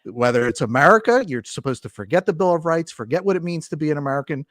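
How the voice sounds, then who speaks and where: Earnest man, a bit high-pitched. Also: animated, fast, fairly bright tone, no room sound, studio quality. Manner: earnest, impassioned argument. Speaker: podcast guest. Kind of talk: casual conversational interview.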